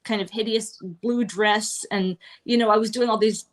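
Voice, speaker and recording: A middle-aged woman from Manhattan, New York, chats as a guest performer in a casual interview, live-streamed from a restaurant. Her mid-range voice keeps a steady tone at a moderate pace while she rambles, full of fillers and asides.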